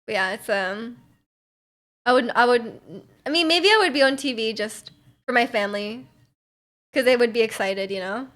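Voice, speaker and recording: A woman's voice: a little high, moderate pace, pauses often, a bit bright. A young woman from Canada, streaming and chatting casually while reading viewer messages, rambling with lots of fillers and giggly asides.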